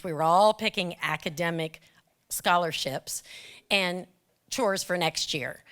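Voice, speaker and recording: A woman, a teacher, telling a personal story to an audience with dramatic pauses. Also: lowish voice, fairly bright tone, smooth.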